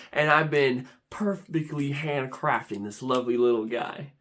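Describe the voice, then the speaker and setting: A young man telling an animated vlog story, excitable and prone to sudden dramatic squeals and shouts. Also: medium pitch, normal speed, few pauses, slight background noise. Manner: excitable, with big dramatic squeals and shouts when quoting himself. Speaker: vlogger.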